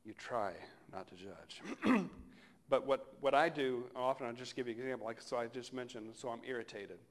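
Soft-spoken conversational man preaching. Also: mid-range voice, fairly even intonation, fast talker. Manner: conversational, reflective, often dropping to a soft close. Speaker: pastor. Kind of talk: sermon.

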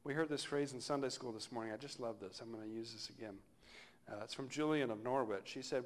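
Male pastor, middle-aged, easygoing reflective sermon, average pitch, softens to near-whisper at phrase ends. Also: fast. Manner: conversational, reflective, often dropping to a soft close.

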